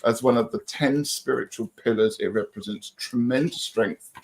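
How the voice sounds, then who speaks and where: A man's voice: medium pitch, moderate pace. A middle-aged man co-hosting a livestream, chatting casually and reading out viewer comments in an upbeat, friendly way. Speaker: livestream co-host.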